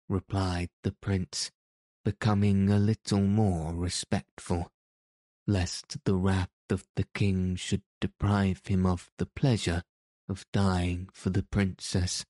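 A man narrating a fairy tale in a measured, even storytelling manner. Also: deep voice, dry recording, clean studio sound. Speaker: audiobook narrator. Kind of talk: scripted narration.

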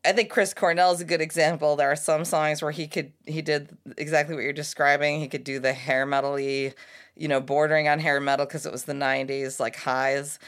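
Enthusiastic low-pitched American woman host. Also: level tone, a little fast. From United States. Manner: enthusiastic, chatty. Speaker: interview host, voice teacher. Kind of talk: casual interview chat.

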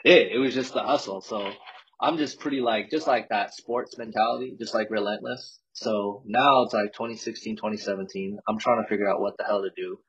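A man in his thirties from California tells his story as a podcast guest, loose and slangy, with "like" everywhere. His lowish voice is steady, fairly quick, and husky, captured on a dull lo-fi recording.

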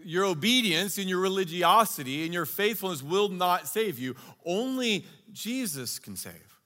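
Male pastor, slightly high voice, earnest conversational sermon, long hall reverb. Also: animated, unhurried, pushed and bright.

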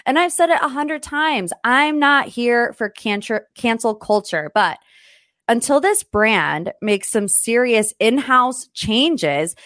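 A young adult woman talks through celebrity news as a podcast host, chatty and animated, with a note of exasperation. Her voice sits at an ordinary middle pitch. The recording is close and dry, with no room sound. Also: no room sound. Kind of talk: casual opinion commentary.

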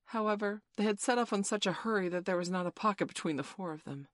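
An audiobook narrator, a woman with a mid-range voice, reads a storybook in a measured, expressive way. The recording is studio quality with no room sound.

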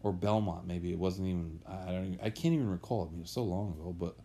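A man's voice: low-pitched, rapid-fire, dark tone, slight background noise. A man chatting casually on a podcast as a guest, telling rambling, anecdotal stories about horse racing.

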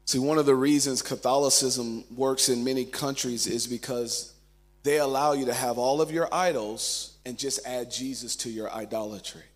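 A man preaching a sermon as pastor, telling stories and shifting between loud and hushed delivery. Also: mid-range voice, normal speed.

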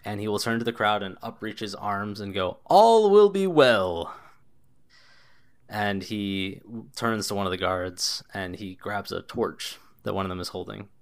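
A man's voice: on the low side, little pitch movement, normal speed, few pauses, fairly bright tone. A man narrating as game master of a tabletop game, in a loose, descriptive way with lots of casual filler words.

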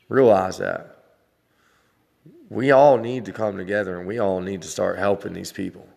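A man's voice: deep voice, creaky, long reverb tail. A man in his forties ranting casually to his viewers, blunt and full of swearing, laughing now and then. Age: 40s. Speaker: vlogger dad. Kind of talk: casual rant to camera.

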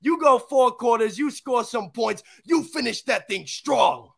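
A man's voice: extremely high pitch, expressive, unhurried, gravelly, a bit bright, breathy edge, pitched above the performer's own voice, heavily acted. A young man putting on a brash middle-aged mob boss with a heavy Italian-American accent, barking orders. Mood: blustery. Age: young adult.

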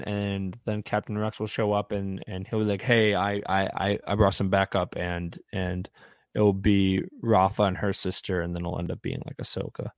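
Rambling low-voiced man. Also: vocal fry, dry recording, clean studio sound. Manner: rambling, lots of restarts and fillers. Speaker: podcast co-host. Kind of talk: casual fan chat.

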